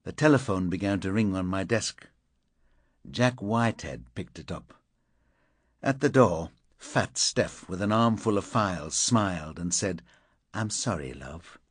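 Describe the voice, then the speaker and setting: A man's voice: low voice, lively intonation, a little slow, no room sound. A man narrating a crime novel in the first person, in clipped, fragmentary phrases. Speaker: audiobook narrator.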